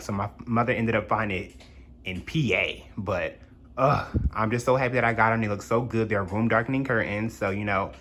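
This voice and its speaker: A man's voice: lowish voice, bright, forceful tone. Sassy chatty young man. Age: young adult. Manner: sassy and chatty, drawling slang asides. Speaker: vlogger giving a home tour. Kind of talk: casual home tour chat. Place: small apartment indoors.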